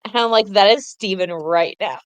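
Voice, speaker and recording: A woman's voice: medium pitch, normal speed, smooth, dry recording. Dry-sounding woman podcast co-host. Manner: enthusiastic, trails off and corrects herself mid-thought. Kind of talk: casual chat.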